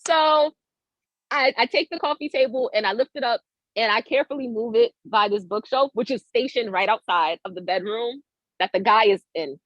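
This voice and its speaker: Animated and casual, this podcast guest spins a story full of slang, performing each quoted character's voice with dramatic tonal swings. Her voice is fairly high-pitched and a bit bright at normal speed, and the dry, dull lo-fi audio has no echo.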